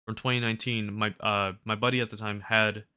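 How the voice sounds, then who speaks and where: A young man from California tells a casual vlog story in a rambling way, with loose "like" fillers and restarts. He talks quickly. His slightly low voice still comes across clear and bright. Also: level tone. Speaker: gaming streamer.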